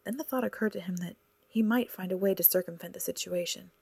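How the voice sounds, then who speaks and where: Husky, creaky woman narrating softly. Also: lowish voice, fast, no room sound. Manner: soft, hushed, partly whispered delivery. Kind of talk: audiobook narration.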